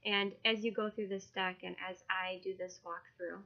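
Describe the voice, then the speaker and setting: A woman who reads tarot and is launching her own card deck, talking casually, emotionally and haltingly, with many fillers. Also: mid-range voice, level tone, muffled recording. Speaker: tarot reader and deck creator. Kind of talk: casual video walkthrough.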